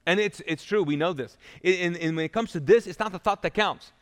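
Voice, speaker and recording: A man's voice: high-pitched, a little fast. A male pastor giving a live sermon in a church, talking in a conversational storytelling way with restarts and asides. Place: church auditorium. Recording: long church hall reverb.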